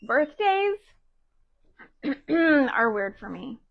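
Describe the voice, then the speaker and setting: A woman of around thirty from Texas, USA, hosts a craft livestream, chatting and rambling casually with lots of fillers as she works for her viewers. Her high, gravelly voice is very animated and draws words out, and the recording is dry and muffled.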